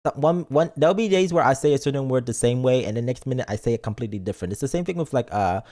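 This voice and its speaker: A man's voice: mid-range voice, animated, rapid-fire, warm tone. A man streaming and chatting casually in a playful, rambling way, reading chat messages aloud. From lives in Britain, not British.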